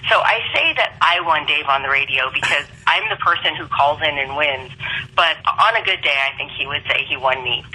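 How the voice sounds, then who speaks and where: A woman's voice: low voice, normal speed, slightly rough, poor audio. A woman guest on a podcast, casually telling a long personal story and acting out the people in it. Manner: animated, acts out quoted voices.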